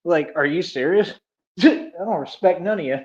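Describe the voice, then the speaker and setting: A man's voice: on the high side, lively intonation, moderate pace, a little mellow, highs cut off. A young man ranting on a livestream, boastful and confrontational, heavy with street slang. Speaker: livestream host.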